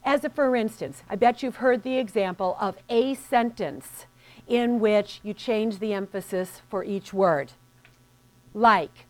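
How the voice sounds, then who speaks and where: A woman's voice: mid-range voice, unhurried, a little mellow. A woman business coach giving a scripted motivational lesson, speaking earnestly and directly to the listener.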